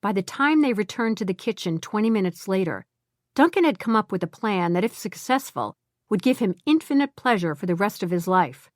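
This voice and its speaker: A woman's voice: mid-range voice, animated, a little fast, no echo, studio quality. Woman narrating a mystery novel. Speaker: audiobook narrator.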